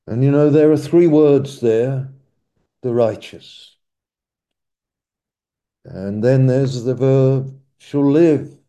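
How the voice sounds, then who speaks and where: A man preaching a sermon, speaking slowly and emphatically and repeating key phrases for weight. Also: medium pitch, warm tone.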